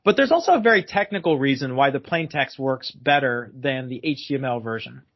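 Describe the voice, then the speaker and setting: A man's voice: mid-range voice, expressive, fairly quick. A man as a guest expert on a podcast interview, explaining at length and emphatically repeating his key phrases. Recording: dull lo-fi sound.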